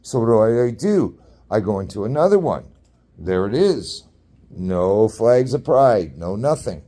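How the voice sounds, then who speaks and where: Gruff, low-voiced man ranting. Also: very animated, unhurried, dark tone. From Canada. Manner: blunt, profane, repetitive storytelling. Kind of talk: casual rant monologue.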